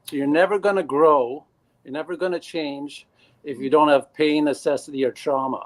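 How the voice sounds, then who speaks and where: Earnest man with a higher voice. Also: fairly even intonation. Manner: earnest, halting, restarts sentences. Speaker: panel guest. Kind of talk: casual panel discussion.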